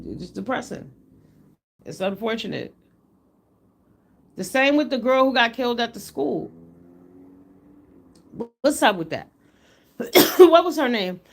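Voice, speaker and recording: A middle-aged woman hosts a casual livestream, talking straight to her viewers. She speaks bluntly and animatedly in a mid-range voice, swearing freely as she goes. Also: medium pitch. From United States. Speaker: livestream host.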